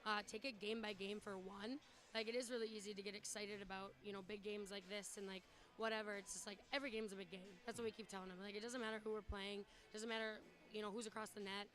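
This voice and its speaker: A woman's voice: mid-range voice, little pitch movement, fast talker, a bit bright. A woman volleyball coach in a post-game interview, out of breath and talking casually with many fillers.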